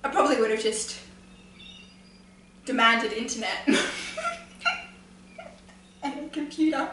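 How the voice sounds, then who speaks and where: High, bright-voiced gushing woman, echoey room. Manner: gushing, rambling, often laughing and trailing off. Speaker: vlogger reviewing a TV episode. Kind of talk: excited casual fan review. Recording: echoey room from far off, faint noise.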